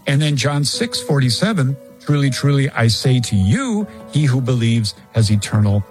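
A man's voice: medium pitch, sing-song, normal speed, music in the background, rough recording. A man, a scripture teacher, answering a Bible question in an explanatory way and acting out short examples.

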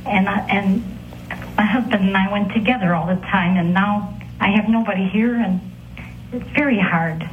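A woman calling in to a show, talking in a halting, emotional way and stammering over her words. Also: medium pitch, a little hiss or hum. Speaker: caller. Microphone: telephone. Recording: tinny phone line.

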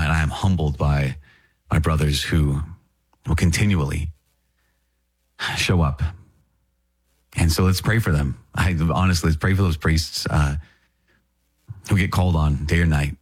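A priest with a stuffy nose from illness offers a casual, conversational reflection, acting out small dialogues and repeating himself along the way. His voice is very deep and husky, with a measured pace and long pauses.

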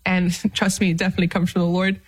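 Lively woman giving a casual faith talk. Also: on the low side, fast, husky, rough recording. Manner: lively, self-deprecating, with laughs and fillers.

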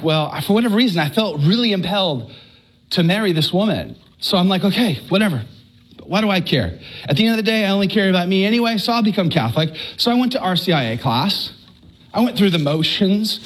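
A middle-aged man from Texas tells a live faith testimony in a high, lifted voice. His storytelling is animated, with stammers and quick restarts as he goes. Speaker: speaker giving a faith testimony. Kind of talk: live personal testimony talk.

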